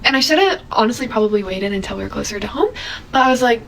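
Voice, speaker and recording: A young woman in her twenties casually retelling an awkward story, animated and chatty, acting out quoted lines. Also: on the high side, racing, a little hiss or hum, low-quality recording.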